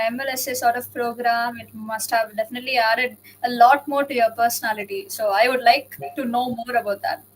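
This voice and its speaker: A woman's voice: a little high, poor audio. A woman hosting an interview, asking questions in a chatty, rambling way. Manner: rambling, chatty follow-ups. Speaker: host. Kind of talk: casual interview chat.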